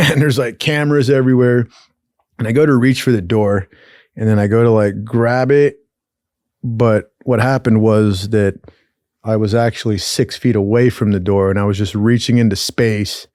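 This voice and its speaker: A man's voice: lowish voice, steady tone, normal speed, darkish tone, no room sound, studio quality. A man telling a rambling, profane story in casual talk, laughing often along the way. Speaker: storyteller host.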